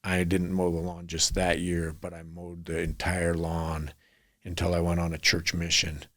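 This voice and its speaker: A middle-aged man with a low, deep voice, a guest on a podcast. He tells long, rambling stories and slips into the voices of the people in them. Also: completely flat delivery, normal speed, a bit bright. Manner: rambling anecdotal storyteller, acts out quotes. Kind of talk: storytelling in a podcast interview.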